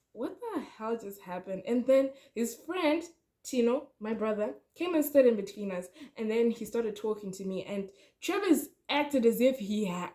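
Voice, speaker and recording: A young woman telling a storytime vlog, animated and chatty, talking straight to her viewers. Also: medium pitch. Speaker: vlogger.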